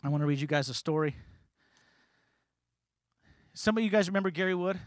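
A man preaching a sermon as pastor, emphatic and building to loud, forceful passages. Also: on the high side, a little fast, no echo.

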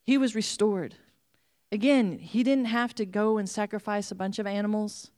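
A woman preaching a sermon, retelling a story with animated storytelling and acted-out voices. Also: medium pitch, moderate pace.

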